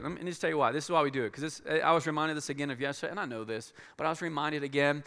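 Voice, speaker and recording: A man speaking as a pastor to his church in a large auditorium, earnest and halting, with many restarts. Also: fairly high pitch, sharp tone, clear, resonant tone. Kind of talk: church announcement and sermon. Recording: long hall reverb.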